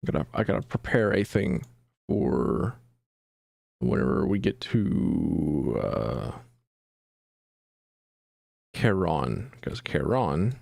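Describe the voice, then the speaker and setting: A young male streamer chatting loosely over his game, voice rough with gravel and swinging widely up and down. He rambles, restarts and grumbles at his gear in a self-deprecating way. The sound is close and dry. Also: a bass voice, big pitch swings, slow, long pauses, a little mellow, no room sound. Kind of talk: casual gameplay commentary.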